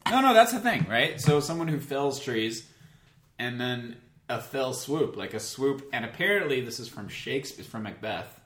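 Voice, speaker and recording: A chatty man co-hosting a relaxed conversation, his voice sitting in a middle register. He explains things at length and keeps adding asides. The sound is roomy and echoey. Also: medium pitch, moderate pace. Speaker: podcast co-host. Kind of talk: casual chat.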